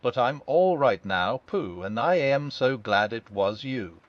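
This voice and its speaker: A man's voice: mid-range voice, lively intonation, measured pace, no echo, natural voice. A man voicing a small, timid young male piglet who speaks anxiously and tremblingly in a storybook reading. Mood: nervous. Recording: dull lo-fi.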